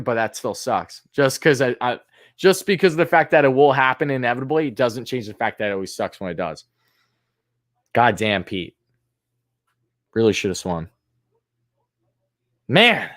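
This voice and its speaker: A man hosting a live fan stream, calling pitches play-by-play and griping and swearing about the umpires in an exasperated voice that jumps high on big moments. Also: fairly bright tone. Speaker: fan commentator and stream host.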